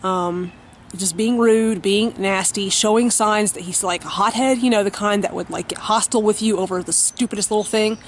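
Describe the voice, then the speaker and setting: A woman's voice: medium pitch, moderate pace, a little hiss or hum. A woman vlogging at home, telling a story to the camera in a blunt, profane way with lots of fillers.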